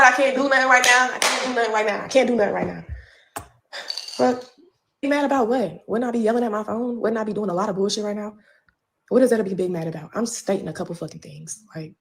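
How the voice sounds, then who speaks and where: A woman's voice: a little high, a little fast, long pauses, a bit bright. A pregnant woman ranting on a livestream from home, profane and confrontational with a drawling delivery.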